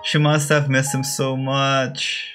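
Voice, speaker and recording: Emotional young man reacting slowly. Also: mid-range voice, monotone, a bit bright, soft background music. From Korea. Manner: emotional, gasping and exclaiming. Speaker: YouTube reactor. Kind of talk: reaction video commentary.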